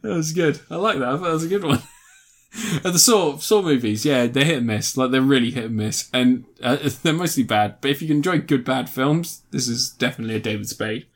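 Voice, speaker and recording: A man's voice: medium pitch, brisk. A man in casual film chat on a podcast, rambling, laughing often and swearing. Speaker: podcast co-host.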